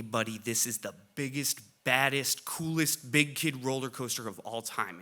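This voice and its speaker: Man, middle-aged, live stage storytelling, bright forceful voice, animated, comic. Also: medium pitch. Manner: animated, comic, bursts of loud excitement. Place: stage before a live audience.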